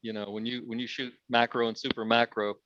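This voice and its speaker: A man who organizes the workshop talks casually to the group, thinking aloud with frequent fillers and restarts. He comes through a video call with a dull, muffled sound. His pitch sits in an ordinary middle range. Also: little pitch movement, brisk, a bit bright, slight background noise.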